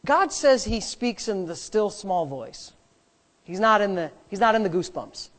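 A man's voice: high-pitched, very animated, normal speed, fairly bright tone. A man, a pastor, preaching a sermon and driving points home with emphatic repetition.

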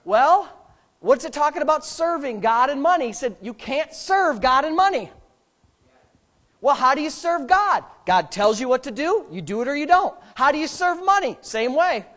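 Emphatic preacher with a lively pitch. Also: male voice, normal speed. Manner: emphatic, rhetorical questions, swings from quiet to shouting. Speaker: pastor. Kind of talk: sermon.

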